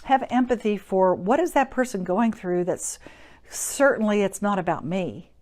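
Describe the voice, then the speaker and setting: A woman hosts a live-streamed talk, teaching in an encouraging, chatty way and greeting viewers by name. Her mid-range voice is expressive and slightly mellow, at a moderate pace.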